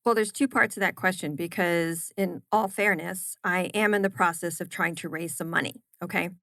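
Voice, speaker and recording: A woman's voice: fairly low pitch, normal speed, vocal fry, no room sound. A woman, a chef and business owner, telling stories in a casual podcast interview with emphatic repetitions. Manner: animated storyteller, emphatic repetitions.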